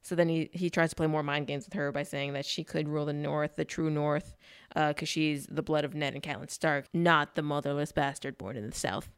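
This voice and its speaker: A woman's voice: sits low, fairly even intonation, brisk, clean tone. A woman co-hosting a casual chat, retelling a TV episode with dry, sarcastic asides. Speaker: podcast co-host.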